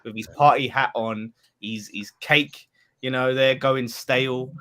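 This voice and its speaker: A man chatting casually on a football podcast over a call, animated and teasing. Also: mid-range voice, measured pace. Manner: animated, teasing, boastful banter. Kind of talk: casual chat.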